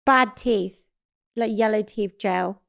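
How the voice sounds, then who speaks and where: A young woman from England, guest on a talk show, telling stories in animated casual chat and swearing freely. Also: mid-range voice, slow pace, creaky.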